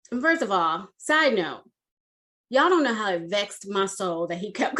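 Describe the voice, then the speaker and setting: A middle-aged woman career coach giving a motivational talk, telling a personal story in an animated, conversational way. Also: mid-range voice, normal speed.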